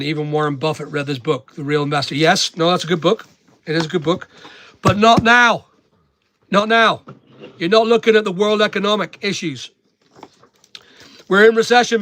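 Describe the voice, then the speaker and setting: A middle-aged Northern Irish man with a high, bright, forceful voice hosts a casual livestream as an online seller. He hands out blunt, preachy money advice and responds to viewer comments.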